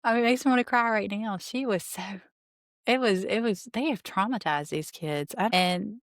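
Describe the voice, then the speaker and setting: A woman's voice: medium pitch, normal speed, no room sound, clean studio sound. A woman hosting a podcast, giving chatty, indignant commentary on a reality TV rewatch. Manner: chatty, indignant, recaps scenes and reads quotes aloud. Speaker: podcast host.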